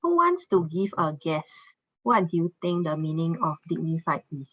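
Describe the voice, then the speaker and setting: A woman's voice: low voice, very animated, normal speed, no room sound. A woman teaching an online English class, patient and encouraging, often saying "okay" between phrases, heard over a video call. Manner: patient, says "okay" a lot. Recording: dull lo-fi video call audio.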